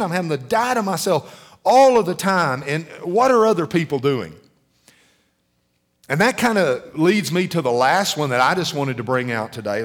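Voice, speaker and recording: Middle-aged guy preaching, kinda high voice, chatty, keeps asking the church stuff. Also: fairly bright tone. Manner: conversational preaching, asks the congregation questions. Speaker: pastor. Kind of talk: sermon.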